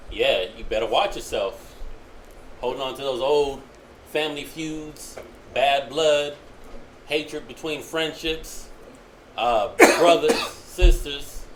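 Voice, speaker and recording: A man's voice: mid-range voice, slow. A man in a group discussion who chimes in with short agreements and reads off lists. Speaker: discussion participant. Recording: roomy with background noise.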